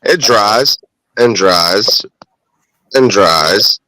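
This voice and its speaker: A man's voice: lowish voice, lively intonation, very slow, pushed and bright, slight background noise, rough recording. A man in casual chat, telling crude, laughing stories with lots of swearing.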